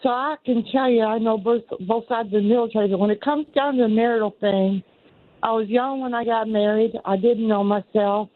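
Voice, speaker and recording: A woman's voice: on the high side, steady tone, brisk. Southern woman in her sixties on a phone line. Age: 60s. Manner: rambling, earnest, repeats herself. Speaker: caller. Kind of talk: call-in radio talk. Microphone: telephone.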